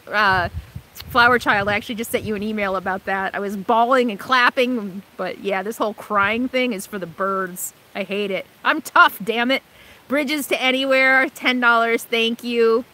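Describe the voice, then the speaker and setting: Woman, middle-aged, casual live-stream chat, fillers and restarts, high-pitched. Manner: chatty, frequent fillers and restarts, thanks donors warmly. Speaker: RV vlogger hosting a live stream. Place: inside an RV or vehicle.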